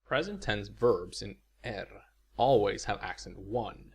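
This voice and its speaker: Slow, gravelly male language teacher. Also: on the low side, animated. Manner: slow, measured explanation with spoken example words. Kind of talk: video lecture.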